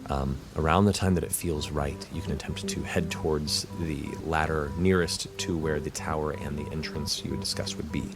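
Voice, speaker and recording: A man narrating as game master of a tabletop game, in a measured, descriptive way with frequent fillers. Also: very deep voice, steady tone, music in the background.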